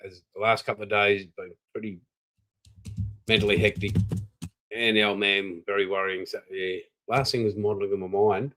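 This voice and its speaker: A man's voice: on the low side, flat delivery, normal speed, fairly bright tone, low-quality recording. An older Australian man, tired, hosting a live stream and rambling casually while greeting viewers. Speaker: livestream host.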